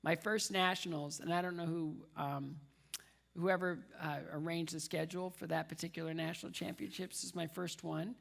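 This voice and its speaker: A man speaks as a dinner guest with a gravelly, slightly rough edge to his voice. He tells his story with self-deprecating humor and sharp comic timing, leaning on repetition for laughs. He also slips into the voices of the people he quotes. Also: on the high side, flat delivery, moderate pace. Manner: acts out quoted voices of others. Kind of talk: humorous personal storytelling speech.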